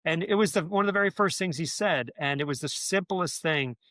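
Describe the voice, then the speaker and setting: A man's voice: a little high, a little fast, pushed and bright, no echo. Guy rambling through a story, tons of you knows, dry sound. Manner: rambling, many restarts and "you know" fillers. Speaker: guest, former speechwriter. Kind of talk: conversational interview storytelling.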